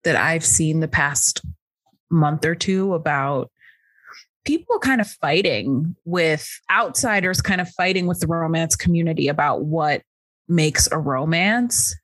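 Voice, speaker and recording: A woman in casual conversation about books, making her points earnestly and with emphasis. She speaks slowly, and her pitch moves up and down a lot. The recording is dry. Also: animated, fairly bright tone, no room sound.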